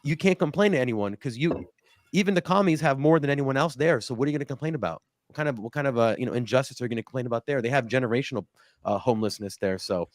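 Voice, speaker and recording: A man of Cuban family hosting a casual political talk stream, blunt and quick, with frequent restarts. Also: mid-range voice, lively intonation, no room sound, studio quality. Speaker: host.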